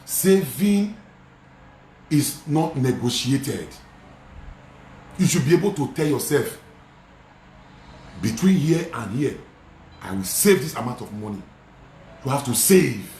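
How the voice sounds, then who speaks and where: A man who is a Nigerian Catholic priest, preaching emphatically and repeating lines, slipping into pidgin and shouting at the peaks. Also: medium pitch, lively intonation, slow, pauses often, roomy sound, a little hiss or hum. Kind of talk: preaching sermon. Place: studio.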